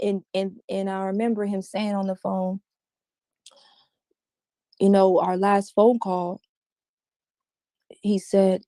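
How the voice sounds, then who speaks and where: Mellow-voiced woman telling her story. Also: mid-range voice, little pitch movement, slow, long pauses, no echo, studio quality. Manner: candid, emphatic, slangy. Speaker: interview guest. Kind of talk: emotional personal account.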